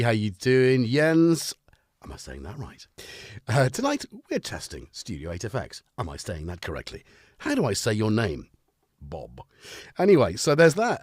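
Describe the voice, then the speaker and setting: A man's voice: on the low side, no echo, clean studio sound. A man hosting a casual live stream, chatting and joking with viewers and greeting them by name.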